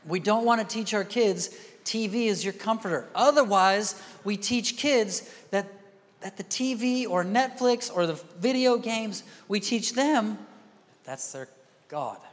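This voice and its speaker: A man's voice: high voice, unhurried. A man preaching a sermon as a pastor, telling stories with acted-out quotes and often asking the crowd if they are with him. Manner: storytelling, acts out quoted voices; asks the crowd "are you with me?". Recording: long hall reverb.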